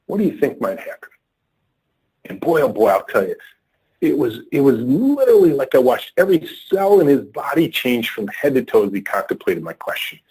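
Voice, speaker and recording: On a rough recording, a middle-aged company leader appearing as a podcast guest tells a workplace story with a brisk, husky, medium-pitched voice. He's an animated storyteller who acts out the people he quotes.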